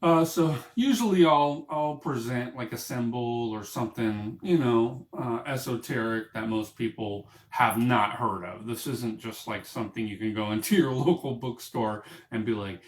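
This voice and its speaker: A man's voice: medium pitch, normal speed, hardly any pauses, reverberant. A man hosting his own small broadcast, rambling casually with many fillers and restarts, in a room lined with books. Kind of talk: casual rambling talk to camera.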